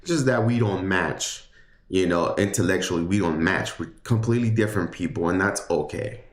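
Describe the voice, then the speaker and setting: Male tarot reader, deep voice, loose rambling delivery, echoey room sound. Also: moderate pace. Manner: chatty, rambling, many fillers and restarts. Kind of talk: casual livestream tarot reading.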